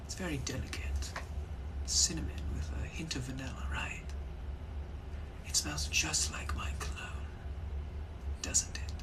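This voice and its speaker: A man voicing a genteel, menacing British gentleman from the 1800s, in a whispered role-play with a silky, possessive, threatening manner. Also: medium pitch, background noise, natural voice.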